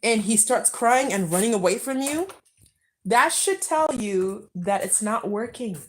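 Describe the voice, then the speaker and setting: High, lively young mom vlogger. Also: female voice, a little slow, slight background noise, poor audio. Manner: chatty, animated, talks to kids and viewers. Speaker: parent vlogger. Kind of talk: casual family vlog chat. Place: family home.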